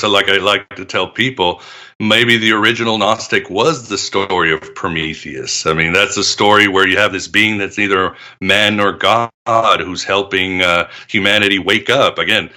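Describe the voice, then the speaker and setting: A deep-voiced man guesting on a podcast, his low tone paired with a very bright, sharp edge. He talks expansively, spinning stories and laughing often. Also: steady tone, normal speed. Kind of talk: conversational interview.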